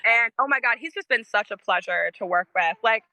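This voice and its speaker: A little fast and a little high, this woman's voice is pushed and bright with lively intonation, recorded with no room sound. She's a Michigan musician on a podcast, rambling casually through stories packed with fillers and laughter, and she voices quoted lines loudly in the relaxed interview chat.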